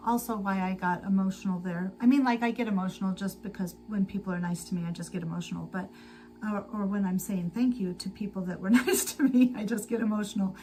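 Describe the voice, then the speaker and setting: A tired woman hosting a casual sewing livestream, chatting slowly to viewers and to herself as she works. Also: medium pitch, steady tone, warm tone, slight background noise, low-quality recording. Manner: slow, chatty, talks to herself while working. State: tired and sleepy.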